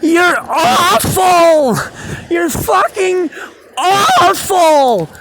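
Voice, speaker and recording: A man voicing an irate male neighbor who yells furiously down from a window. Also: big pitch swings, moderate pace, a little hiss or hum, exaggerated voice. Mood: furious yelling. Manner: shrill, furious shouting.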